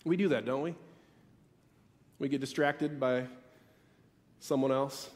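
A man preaching a sermon as pastor, emphatic, repeating key phrases with dramatic pauses. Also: mid-range voice, steady tone, in a large hall.

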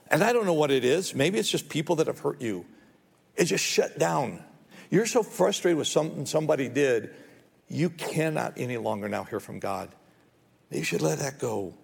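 A pastor preaches a sermon earnestly, rising to pleading whenever he voices prayers. His voice is medium in pitch, creaky and slightly rough. The recording carries a big-room sound.

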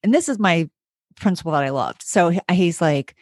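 A woman's voice: on the low side, normal speed, dry recording, studio quality. A woman, a teacher, telling a story in casual chat, acting out the people in it. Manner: animated, acts out voices in her story.

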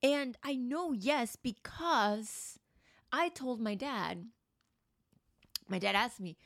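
A woman's voice: mid-range voice, lively intonation, unhurried, a bit bright, no echo, clean studio sound. A woman in her thirties hosting a podcast, telling a personal story in an earnest, emotional, reflective way. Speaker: podcast host and coach.

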